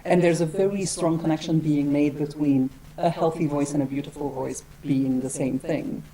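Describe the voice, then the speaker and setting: A woman's voice: low voice, warm tone, rough recording. A woman giving an academic lecture, wry and digressive, with many hedging asides.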